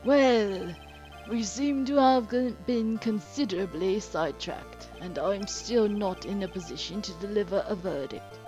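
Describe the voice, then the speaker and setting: A woman's voice: medium pitch, mellow, lo-fi sound, soft background music, natural voice. A woman playing a pompous old judge. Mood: formal. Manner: formal, measured. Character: pompous elderly male judge, formal. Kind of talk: let's play character voice.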